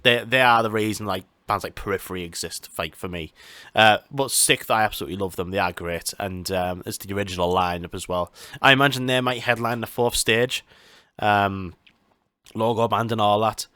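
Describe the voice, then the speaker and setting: Male podcast host, loose unscripted rambling full of swearing, bright voice, dry recording. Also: lowish voice, no echo. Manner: rambling, sweary, many fillers and restarts. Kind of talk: casual solo chat.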